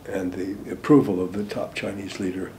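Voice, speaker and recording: An older American man, a former diplomat, recalling events in an interview, hesitant with many ums and restarts, trailing off softly at phrase ends. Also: deep voice, little pitch movement, normal speed, a little hiss or hum. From United States. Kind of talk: interview recollection.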